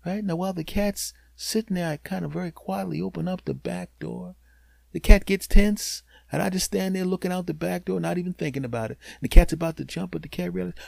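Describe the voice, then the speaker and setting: Man, podcast host, comic storytelling, swings loud to hushed, deadpan punchlines, dry close sound. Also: high voice, fairly quick, creaky, dry recording.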